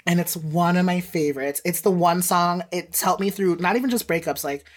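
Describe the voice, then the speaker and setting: A woman co-hosting a podcast in casual chat, swearing freely and gushing in quick bursts. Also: lowish voice. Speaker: podcast co-host.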